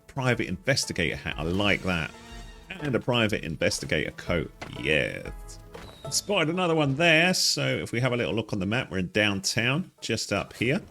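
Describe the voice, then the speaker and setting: A chatty man talks through a gameplay walkthrough in a fairly low voice that leaps up with every little surprise. Faint game music plays underneath him. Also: sing-song, moderate pace, vocal fry, pushed and bright. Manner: chatty, easily delighted, frequent exclamations. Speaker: gaming guide host. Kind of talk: casual gameplay commentary.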